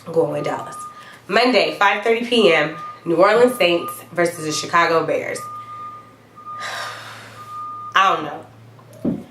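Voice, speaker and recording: A woman's voice: lowish voice, moderate pace, a bit bright, a little hiss or hum. A woman with a cold, coughing now and then, chatting casually through her football picks with little laughs and the odd "y'all". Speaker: vlogger giving football picks. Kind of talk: casual to-camera picks vlog. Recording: echoey room.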